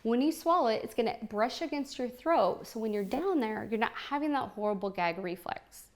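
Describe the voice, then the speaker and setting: A woman in her thirties leads a lively home party, demonstrating products to her guests. She talks playfully and cheekily, teasing the room and leaning on little "right?" asides, and her voice sits somewhat high. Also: brisk. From Oregon.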